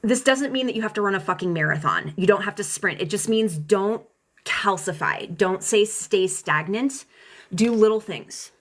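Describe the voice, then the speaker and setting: A woman's voice: medium pitch, expressive, moderate pace. A young adult woman giving a live-streamed tarot reading, talking in an emotional, rambling way with many restarts and casual swearing. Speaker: tarot reader. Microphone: phone or webcam mic.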